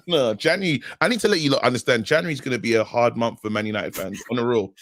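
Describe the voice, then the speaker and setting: A man on a football fan stream, emphatic and quick to laugh. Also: mid-range voice. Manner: giggly, emphatic. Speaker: football fan show panelist. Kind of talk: casual fan chat.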